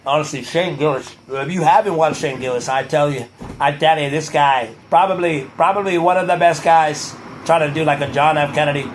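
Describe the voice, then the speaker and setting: Young guy vlogging, high voice, goofy and chatty. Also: fairly even intonation, fairly quick, a little hiss or hum. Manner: playful, drifts into pep talk. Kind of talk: casual rambling monologue.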